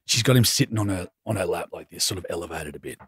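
Husky Australian bloke spinning a yarn. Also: male voice, sits low, fast, dry recording, clean studio sound. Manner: animated storyteller, joking. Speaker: radio co-host. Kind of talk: casual on-air chat.

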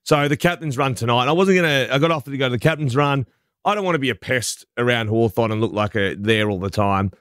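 A man's voice: medium pitch, quick pace, a bit bright, dry recording, studio quality. A man in his forties with an Australian accent, telling a self-deprecating story in casual breakfast radio banter. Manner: chatty anecdote teller, self-deprecating.

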